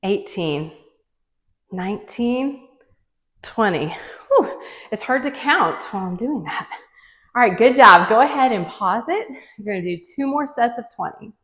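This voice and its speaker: A woman's voice: on the high side, expressive, measured pace, long pauses, a bit bright, reverberant. A woman fitness instructor leading a workout, counting reps aloud and encouraging, a bit out of breath as she moves.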